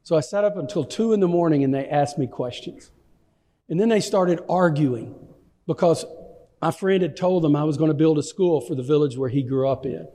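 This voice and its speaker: A man from Texas, a pastor telling an animated, self-deprecating story with stammering restarts. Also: fairly high pitch, normal speed, long reverb tail. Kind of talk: anecdotal storytelling in an interview.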